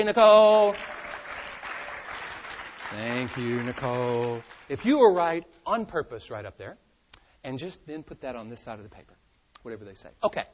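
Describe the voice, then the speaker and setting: A man giving an energetic, playful seminar talk to a live audience and drawing answers from the crowd. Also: a little high, lo-fi sound. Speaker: stress management speaker.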